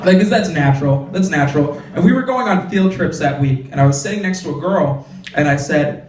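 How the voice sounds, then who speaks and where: A young man tells stand-up jokes in a loose, chatty way, dropping in lots of "like" before each punchline. His voice sits a bit high. It echoes around the club and sounds a little distant from the mic. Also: lively intonation, fairly quick, a little mellow. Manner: conversational, frequent "like" fillers, punchy punchlines. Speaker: stand-up comedian. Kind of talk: stand-up comedy set. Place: comedy club stage.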